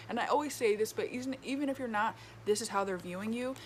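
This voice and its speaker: A woman gives a relaxed tarot reading with a retainer in her mouth. Her pitch sits mid-range for a woman, and she talks in a loose, chatty way full of "like" and "okay?". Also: fast talker, hardly any pauses, slight background noise. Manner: chatty, filler-heavy, keeps checking in with "okay?". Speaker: tarot reader. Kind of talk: casual tarot reading to camera.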